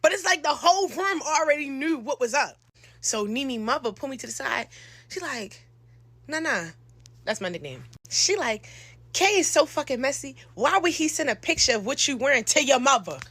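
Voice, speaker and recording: A young woman, telling a slangy, animated storytime into a close phone mic. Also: high-pitched, moderate pace, no echo. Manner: animated, slangy, acts out quotes with loud shouts. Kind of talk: storytime monologue.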